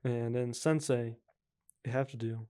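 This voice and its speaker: A man's voice: mid-range voice, fairly even intonation, unhurried, dark tone, clean tone. A young adult man hosting a podcast in casual chat, laid-back and leaning heavily on filler words. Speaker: podcast host.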